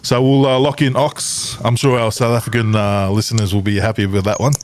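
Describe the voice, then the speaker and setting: A man's voice: lowish voice, flat delivery, fairly quick, darkish tone, a little hiss or hum. A man hosting a casual rugby chat, laid-back and saying "mate" constantly. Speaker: podcast host.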